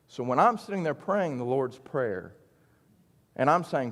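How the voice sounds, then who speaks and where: A man's voice: medium pitch, animated, a little slow, a bit bright, in a large hall. A man teaching an adult Bible study in a conversational, earnest way, often checking in with "right?". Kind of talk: church Bible study lesson.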